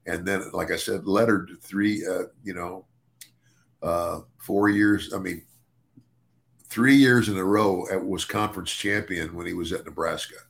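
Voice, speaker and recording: An older man, a podcast co-host, talking casually in a halting way, with many restarts and repeated words. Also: deep voice, steady tone, creaky. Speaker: podcast co-host and former wrestler.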